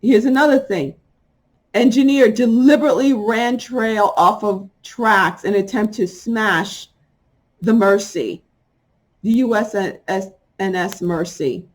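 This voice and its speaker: Middle-aged woman, solo vlogger; emphatic, indignant delivery in fast bursts. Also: mid-range voice. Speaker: spiritual vlogger. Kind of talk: casual monologue to viewers.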